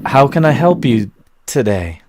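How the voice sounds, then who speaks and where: A man's voice: mid-range voice, sing-song, unhurried, a little mellow, slight background noise. A man voicing a small, flustered halfling barkeep who stammers politely.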